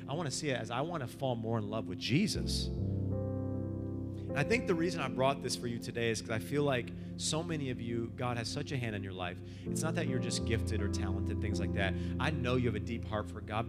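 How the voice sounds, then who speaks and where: Passionate male pastor in a reverberant hall. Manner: passionate, rises and drops sharply in pitch and volume. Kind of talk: sermon. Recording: long hall reverb with guitar music.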